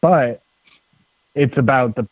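A man's voice: mid-range voice, slow, dry recording. A man in a casual podcast conversation, talking in an opinionated, conversational way. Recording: dry tinny phone-like sound.

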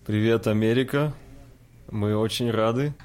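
A man with a Russian accent chats as a guest on a radio talk show. His voice sits a little low and he speaks in a relaxed, easygoing way. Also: moderate pace. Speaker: guest musician. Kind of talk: casual radio interview.

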